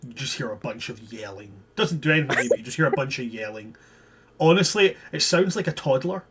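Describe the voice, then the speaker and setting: A man narrating as game master of a tabletop game, jokey and quick to laugh while describing scenes. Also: medium pitch, expressive, a bit bright, a little hiss or hum.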